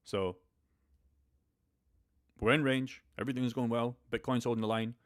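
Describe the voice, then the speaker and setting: A man's voice: medium pitch, fairly even intonation, moderate pace. A young man hosting a crypto live stream, talking bluntly and profanely in a motivational way. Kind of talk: casual live stream chat.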